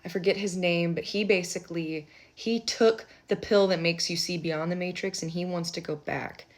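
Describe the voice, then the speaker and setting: A woman giving a casual live tarot reading, chatty and rambling, with offhand asides and quiet muttering. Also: fairly low pitch, steady tone, moderate pace. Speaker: tarot reader.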